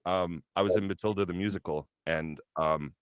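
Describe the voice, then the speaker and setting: A young adult man, a voice actor appearing as a guest on a developer livestream, tells a rambling story casually, laughing and acting out quotes. His low voice is smooth, with fairly even intonation and a moderate pace, and there's no room sound.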